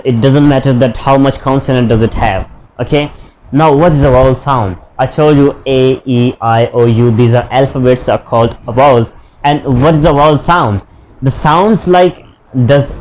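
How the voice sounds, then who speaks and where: A man's voice: mid-range voice, darkish tone, low-quality recording. Man teaching a lesson. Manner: explains slowly with many fillers and restarts. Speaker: English teacher. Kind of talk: online English lesson.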